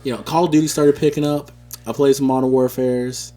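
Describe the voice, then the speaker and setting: A man co-hosting a podcast, telling stories in a casual, animated, slangy way. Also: medium pitch, brisk. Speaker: podcast co-host. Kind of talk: casual chat.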